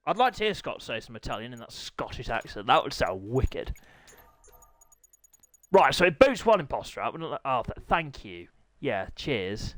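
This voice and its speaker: A high-pitched young man commentating a racing game stream, bouncing all over his range and breaking into squeals when he gets excited. He jokes and rambles in a chatty, playful way. The sound is close and dry, with no room around it. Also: unhurried, long pauses, no room sound. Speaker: race commentator and stream host.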